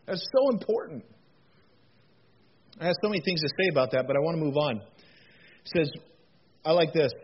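A man's voice: on the high side, animated, normal speed, long pauses, noisy background. A man preaching a sermon as pastor, earnest and folksy, often repeating words and stumbling into joking asides. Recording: muffled lo-fi recording.

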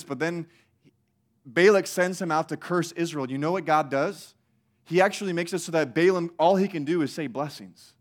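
A male preacher delivers a sermon in an animated, emphatic manner. His voice sits high for a man, and he keeps the room engaged with rhetorical questions. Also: moderate pace.

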